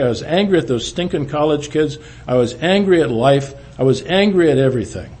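An older man telling a personal testimony to a church, halting, with frequent restarts, often dropping low and quiet. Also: husky. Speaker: speaker giving testimony.

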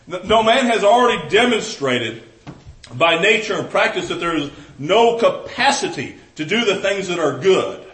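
A man with a Southern US accent preaching a sermon to a congregation, earnest, often restarting phrases, swinging between loud emphasis and soft, intimate asides. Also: high-pitched, lively intonation, moderate pace, poor audio.

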